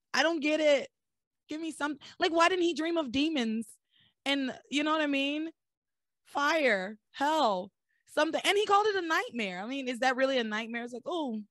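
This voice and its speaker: A hoarse woman who is losing her voice, so it sounds deeper than usual, hosting a podcast and recapping a soap opera in animated, joking chat. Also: no echo, clean studio sound. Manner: animated, joking, laughs often. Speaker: podcast host.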